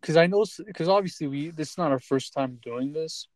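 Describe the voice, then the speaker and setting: A man's voice: a little high, fairly quick, no echo. A man filming on a phone and questioning someone, hesitant, restarting his sentences with "um" and "like". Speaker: interviewer filming a confrontation. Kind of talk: slow casual questioning. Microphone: holding a phone camera.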